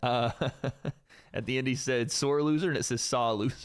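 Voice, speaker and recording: A man's voice: mid-range voice, fairly even intonation, normal speed, clean tone. A man co-hosting a casual podcast chat, laid-back and joking, cursing freely. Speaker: co-host.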